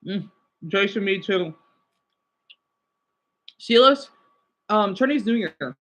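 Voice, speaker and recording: Speaking slowly with lively intonation, this young male livestream host has a high voice and a fairly bright tone. His casual live chat with viewers is rambling and emotional, and he reads chat names aloud.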